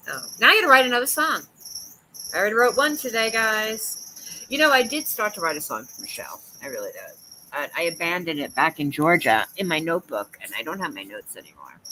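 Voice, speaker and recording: Giggly rambling woman with a bright voice. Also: low voice, big pitch swings, fast, a little hiss or hum, poor audio. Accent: New York. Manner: giggly, rambling, jumps between topics, breaks into silly voices. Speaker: livestream host. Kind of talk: casual livestream chat.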